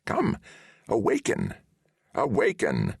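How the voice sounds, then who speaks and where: A man voicing an old male wizard who speaks with calm, patient insistence, raising his voice to a higher pitch. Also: slow, vocal fry, breathy edge, no echo, studio quality, heavily acted. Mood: calm, insistent.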